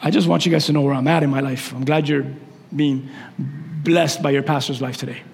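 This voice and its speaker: A man preaching a sermon as the pastor, impassioned, swinging between shouts and hushed lines. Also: on the high side, fairly even intonation, a little fast, vocal fry, long reverb tail, slight background noise.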